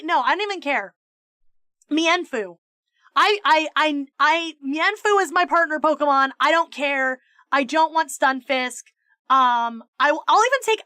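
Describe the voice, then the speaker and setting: A woman streamer with a high, bright voice rants animatedly and swears freely. She stumbles over quick restarts as she chats casually with her viewers. Her voice sounds close and dry, with no room echo. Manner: animated, profane mock-ranting; stammering restarts. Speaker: VTuber streamer. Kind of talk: casual live-stream chat.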